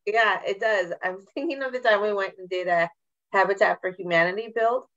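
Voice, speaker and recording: A woman's voice: medium pitch, brisk, fairly bright tone, highs cut off. A woman on a discussion panel, cheerful and laughing often while sharing stories. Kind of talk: casual chat.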